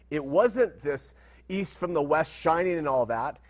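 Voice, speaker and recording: A man's voice: a little high, lively intonation, unhurried. Man teaching the Bible conversationally. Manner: conversational, asks rhetorical questions. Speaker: preacher.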